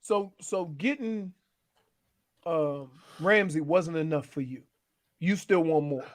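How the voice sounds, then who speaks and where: A man co-hosting a sports radio show in a studio, teasing his partner in casual banter and breaking into loud outbursts. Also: a little high, slow pace.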